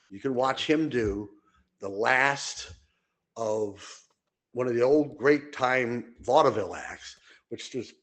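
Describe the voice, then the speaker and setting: An older man hosting a casual podcast, winding through anecdote after anecdote with fillers and false starts. His voice sits at an ordinary middle pitch, and he leaps sharply higher whenever he acts out what someone said. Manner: rambling anecdotes with many fillers and restarts; acts out quoted people with sudden high voices. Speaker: podcast co-host. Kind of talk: casual storytelling chat.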